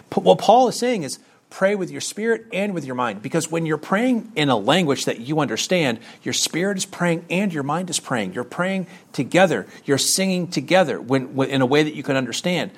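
A man's voice: fairly high pitch, animated, moderate pace. A man giving a conversational sermon as a Bible teacher, asking rhetorical questions and reading scripture aloud.

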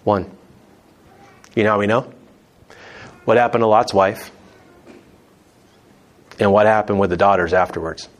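A man's voice: fairly low pitch, unhurried, pauses often. A man leading a conversational Bible teaching, chatty, with joking asides and restarts.

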